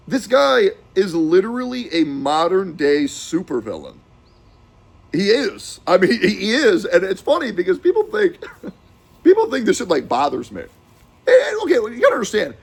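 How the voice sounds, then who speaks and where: A young adult man streaming a heated, profane rant, swinging between shouting and low muttering. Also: vocal fry, slightly rough.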